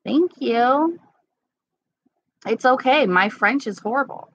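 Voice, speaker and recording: A woman chatting casually with live-stream viewers at home, candid and quick to laugh. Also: high-pitched, expressive, a bit bright, slightly rough, no room sound. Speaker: livestream host. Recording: slightly dull lo-fi sound.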